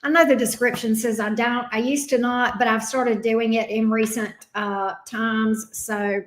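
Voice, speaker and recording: A woman with a Southern US drawl hosts a relaxed tarot reading livestream, and her voice sits high and light. She chats easily and greets her viewers one by one by name. The sound carries a noticeable echo from the room around her. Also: a little slow. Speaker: tarot reader hosting a livestream. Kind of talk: casual livestream chat.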